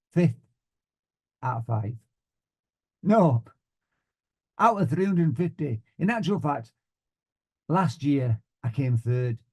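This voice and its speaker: A man from Yorkshire with a Yorkshire accent, giving a humorous motivational talk with deadpan, self-mocking timing. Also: mid-range voice, highs cut off. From Yorkshire, England. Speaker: motivational speaker.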